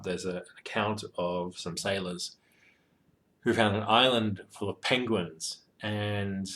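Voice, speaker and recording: A man with a low, fairly bright voice rambles casually about running tabletop games, giving advice as a game master. His talk is full of ums and you-knows, and he swears and jokes as he goes.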